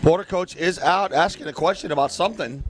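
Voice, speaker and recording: A man doing play-by-play for a local baseball game, chatty and joking between pitches. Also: a little fast, faint music behind. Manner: joking, chatty, breaks into silly asides. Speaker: play-by-play announcer.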